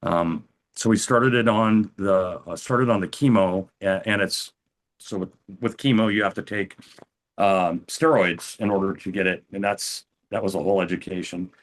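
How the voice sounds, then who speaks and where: Older man, low calm halting voice. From United States. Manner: calm, halting, with frequent restarts. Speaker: interview guest. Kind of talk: personal storytelling.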